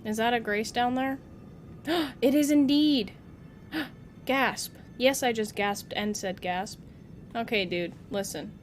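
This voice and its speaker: Playful young woman streamer, higher voice. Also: unhurried, slight background noise. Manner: playful, chatty, talks to the game character and chat. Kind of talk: live gameplay commentary.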